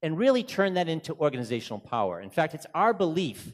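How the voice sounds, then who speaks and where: A man with a Boston accent giving an energetic, joking conference presentation in a hotel conference room. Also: medium pitch, quick pace, few pauses. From Boston, USA. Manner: energetic, joking, moves around a lot. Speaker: conference speaker.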